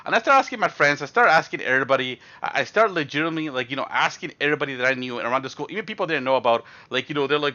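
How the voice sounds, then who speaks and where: A young man from Canada telling a high school story casually, with lots of fillers and restarts. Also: racing. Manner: rambling, animated, heavy fillers. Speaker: streamer. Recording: dull lo-fi stream mic.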